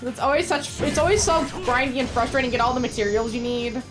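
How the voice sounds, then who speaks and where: A woman's voice: fairly high pitch, fast talker, over music. A woman streamer chatting playfully while she plays a game. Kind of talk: gameplay commentary.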